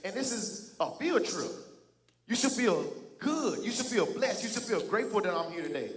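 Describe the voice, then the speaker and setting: A young man from Louisiana with a Southern accent, giving an energetic motivational speech to students and leading call-and-response. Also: high voice, normal speed, roomy sound. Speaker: fitness group founder and motivational speaker. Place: large hall at a youth summit.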